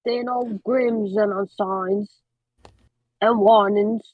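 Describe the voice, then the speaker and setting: A woman reading aloud as a gruff old man with a thick rural dialect, halting over the odd words. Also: medium pitch, steady tone, no room sound, narrow, tinny audio. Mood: grumbling. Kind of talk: amateur read-aloud of a novel.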